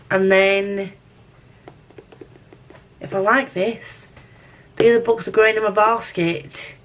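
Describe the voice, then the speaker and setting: A woman's voice: lowish voice, slight background noise. A woman talking casually to camera at home about a book she is reading, rambling and self-deprecating with lots of fillers. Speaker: book vlogger.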